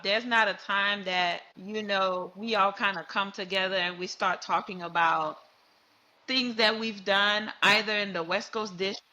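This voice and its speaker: A woman hosting a faith podcast, talking in an animated, affirming way. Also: medium pitch, measured pace, dull audio. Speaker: podcast host. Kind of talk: casual faith podcast conversation.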